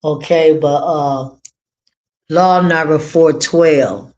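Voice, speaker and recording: Slow, exclamatory online Torah teacher. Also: medium pitch, steady tone, darkish tone, highs cut off. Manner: emphatic, repeats phrases, exclaims joyfully; informal colloquial speech. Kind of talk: livestream teaching and reacting to viewer comments.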